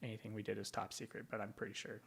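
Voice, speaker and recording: A man's voice: on the low side, level tone, racing, gravelly, fairly bright tone, husky. A man from Tacoma, Washington, a veteran guest in an interview, telling stories casually with plenty of ums and likes. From Tacoma, Washington, USA. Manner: rambling, with frequent ums and likes.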